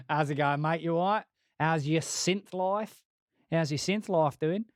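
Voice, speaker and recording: A man's voice: on the high side, animated, drawn-out words, dry recording, studio quality, heavily acted. A man putting on a goofy fake Aussie bloke. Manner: mock-friendly, goofy, playful. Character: jokey man in a put-on Aussie-ish accent.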